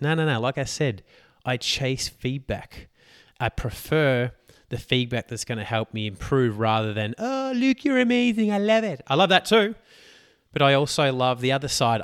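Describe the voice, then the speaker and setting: A man's voice: medium pitch, fairly bright tone, clear, resonant tone. An Australian man in his thirties hosting a podcast, chatting casually and animatedly, with filler words and playful asides. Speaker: podcast host.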